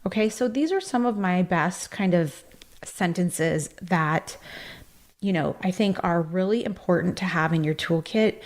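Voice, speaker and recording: A woman's voice: on the low side, a little slow. A woman hosting a self-help podcast, talking in an earnest, encouraging way with frequent fillers and asides. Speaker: podcast host.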